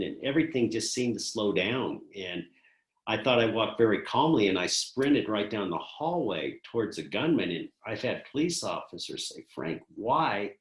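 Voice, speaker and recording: A man's voice: lowish voice, echoey room, poor audio. A man in his sixties from Colorado, a retired school principal telling his story earnestly and with emotion in an oral history interview. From Colorado, USA.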